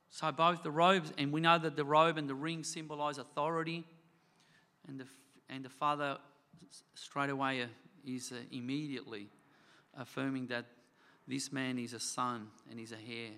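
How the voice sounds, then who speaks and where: A man's voice: medium pitch, steady tone, normal speed, pushed and bright. A man preaching a sermon to his church. He talks earnestly, repeats phrases and asks the congregation rhetorical questions. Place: church hall. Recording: long hall reverb.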